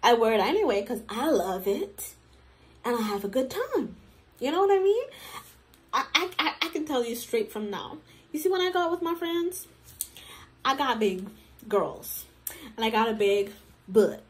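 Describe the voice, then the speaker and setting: Woman host, high bright voice that swings widely; chatty, laughs often, plays out friends' lines. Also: moderate pace, pauses often. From Jamaican heritage. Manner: animated, laughing, acts out friends in quoted voices. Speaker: commentary host. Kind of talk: casual reaction commentary.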